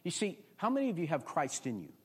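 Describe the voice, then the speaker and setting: Man preaching, rising to loud peaks. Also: a little high, huge pitch swings, quick pace, slightly rough. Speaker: pastor. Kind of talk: sermon. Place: church before a congregation.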